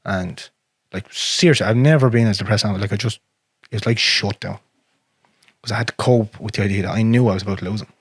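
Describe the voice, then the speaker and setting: Irish male podcast host, raspy, quick, blunt and profane, dry close sound. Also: lowish voice, no echo. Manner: frank and profane, drops to a near whisper on painful memories. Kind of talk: casual conversation.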